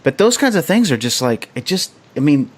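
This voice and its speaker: A man's voice: on the high side, big pitch swings, fairly quick. A man co-hosting a casual podcast, laid-back and easily amazed, telling stories loosely. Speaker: podcast co-host.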